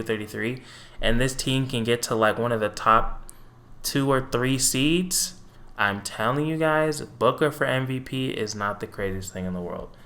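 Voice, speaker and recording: A young man with a bright, forward, medium-pitched voice runs his own casual basketball fan channel. Breaking down the game, he rants animatedly and profanely, tossing in petty, sarcastic asides.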